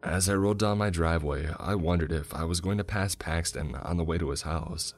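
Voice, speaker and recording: A man narrating a first-person horror story in a measured storytelling manner. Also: low voice.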